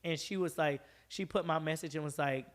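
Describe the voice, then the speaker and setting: A young man from Georgia, a podcast guest, telling a story casually in animated, profane talk and acting out the people he quotes. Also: fairly high pitch, a little fast.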